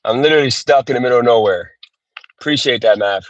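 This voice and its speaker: A man's voice: medium pitch, fast, no room sound. A man livestreaming from his car as a gig worker, ranting, cursing and repeating himself in frustration. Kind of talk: frustrated live-stream rant. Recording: dull dry phone audio.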